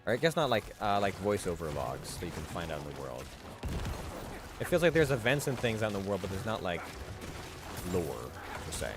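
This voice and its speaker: A man's voice: low voice, very animated, normal speed, over music. A man streaming a hardcore game run, rambling casually with fillers and restarts as he thinks aloud. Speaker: gaming streamer. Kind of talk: casual gameplay commentary.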